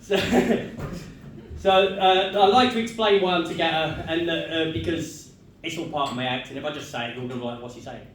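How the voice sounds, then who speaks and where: A man doing a stand-up comedy set, telling jokes in a deadpan storytelling way and chuckling at his own punchlines. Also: fairly high pitch, a little fast. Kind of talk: stand-up set with crowd work. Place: comedy club stage. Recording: echoey club room, mic far off.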